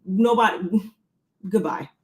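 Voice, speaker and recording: Woman throwing shade on a gossip stream, mid pitch, dismissive, lots of "so whatever". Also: slow pace. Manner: dismissive, shady, rhetorical questions. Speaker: co-host. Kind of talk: casual gossip commentary.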